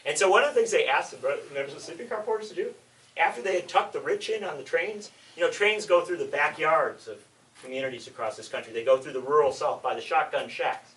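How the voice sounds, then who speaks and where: A man's voice: a little high, fast talker, fairly bright tone, recorded from a distance, poor audio. A man giving a public talk, telling history as an impassioned, emphatic storyteller.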